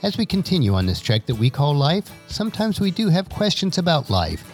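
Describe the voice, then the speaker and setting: An older man hosting a scripted advice podcast in a measured, preachy manner. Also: fairly high pitch, big pitch swings, faint music behind. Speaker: podcast host.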